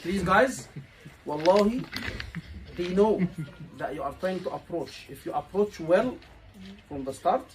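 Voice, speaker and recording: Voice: mid-range voice, lively intonation, a little slow, long pauses, slight background noise, rough recording. A tutor coaching a room of students, repeating key points and asking rhetorical questions. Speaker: exam tutor. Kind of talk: live teaching session.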